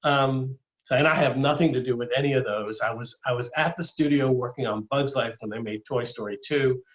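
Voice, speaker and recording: An older man, a former animator appearing as a guest speaker, gives a casual illustrated talk in a mid-range voice at a brisk pace. He rambles, restarting often and using many fillers, and the recording is muffled.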